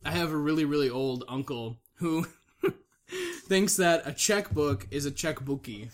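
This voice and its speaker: A woman's voice: sits low, normal speed. A woman hosting a casual chat who laughs often and swears while telling stories. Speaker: host.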